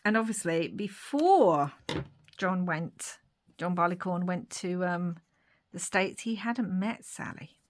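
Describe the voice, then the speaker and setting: A young woman chatting casually to her viewers while she crafts, laughing often and dropping into soft whispered asides. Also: lowish voice, a little slow. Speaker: craft vlogger.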